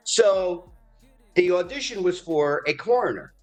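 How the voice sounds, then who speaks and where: A man's voice: high-pitched, a little slow, faint music behind. A middle-aged man, an actor, telling a story in a casual interview and acting out the other people's lines. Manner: animated storyteller, acts out quoted voices.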